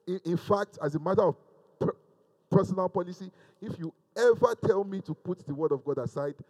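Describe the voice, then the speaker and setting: A male preacher with a notably high voice delivers a sermon straight to the camera. He moves between rousing, emphatic calls to the congregation and soft, hushed asides. His delivery is fervent and dramatic. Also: a little fast. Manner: fervent preaching, swinging from loud exhortation to hushed, intimate asides. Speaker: pastor. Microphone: speaking to a camera.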